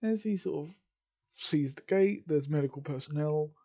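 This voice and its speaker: A man's voice: on the high side, moderate pace, mellow. A man casually narrating a fan-fiction story, with rambling informal asides.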